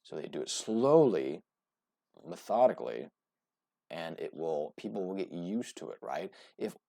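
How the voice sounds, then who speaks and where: Host type: low-voiced man with a gravelly edge, chatty and rambling, always tossing in "right?". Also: big pitch swings, unhurried, warm tone, no echo, clean studio sound. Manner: rambling, filler-heavy, keeps asking "right?". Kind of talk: casual commentary.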